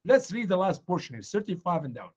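A man teaching from the Bible with great energy, acting out the people in the story in raised voices. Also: fast talker. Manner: excitable, acts out dialogue in high voices. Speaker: guest preacher. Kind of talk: animated evangelistic teaching.

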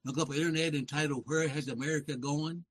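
A man's voice: a little high, steady tone, fast talker, rough recording. Rambling older Southern man in his seventies. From West Virginia. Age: 70s. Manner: rambling, self-correcting, folksy. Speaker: radio pastor and guest. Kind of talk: casual talk show conversation.

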